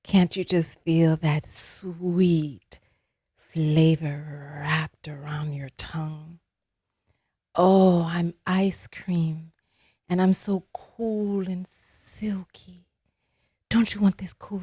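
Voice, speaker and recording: Sultry ice cream voice purring low and slow, a lady putting it on, whispered role-play. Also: steady tone, dark tone, breathy edge, dry recording, clean studio sound, heavily acted. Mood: seductive. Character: sultry tempting talking ice cream, female, seductive.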